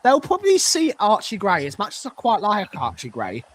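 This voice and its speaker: A man's voice: sits high, very animated, a little fast, hardly any pauses, fairly bright tone, no room sound. A man co-hosting a casual football fan chat, joking and rambling. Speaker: co-host.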